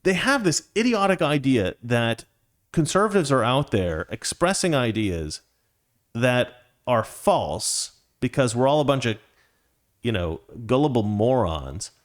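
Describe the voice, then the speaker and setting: A man's voice: medium pitch, sing-song, unhurried. A man hosting his own show, delivering a rambling opinion monologue full of restarts and digressions. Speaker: show host.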